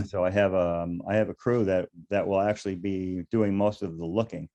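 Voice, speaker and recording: A man's voice: sits low, moderate pace, gravelly, warm tone. An older man, a beekeeper and interview guest, telling stories casually in a rambling way, chuckling now and then and often restarting his sentences. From United States.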